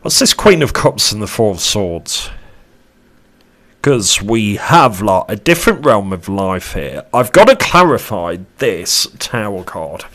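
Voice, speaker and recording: Lively low-voiced man reading tarot. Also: unhurried. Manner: chatty, animated, swears casually. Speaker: tarot reader. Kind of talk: casual tarot reading to camera.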